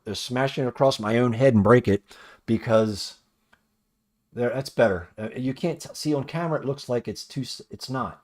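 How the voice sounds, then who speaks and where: A man's voice: mid-range voice, a little mellow. A man casually talking while painting a toy in a cluttered workroom, rambling, swearing often and criticizing his own work. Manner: rambling, profane, self-critical muttering. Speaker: toy customizer.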